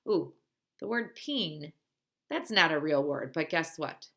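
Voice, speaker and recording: A woman who teaches pre-kindergarten, gently and playfully leading a storytime and rhyming lesson for young children. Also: deep voice, animated, takes it slowly.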